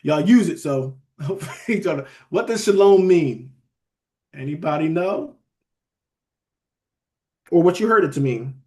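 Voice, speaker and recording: A man leads a relaxed Bible lesson online. His voice sits a bit high for a man, and his phrasing is loose and full of restarts. He keeps pausing to check that his listeners are following. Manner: conversational, keeps checking in with listeners with "all right?" and "beloved". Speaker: Bible study teacher. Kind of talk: casual online Bible teaching.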